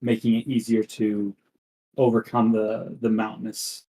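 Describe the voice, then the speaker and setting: A man narrating a tabletop game as game master, setting the scene in a deliberate, descriptive way. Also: lowish voice, monotone, warm tone, slight background noise, poor audio.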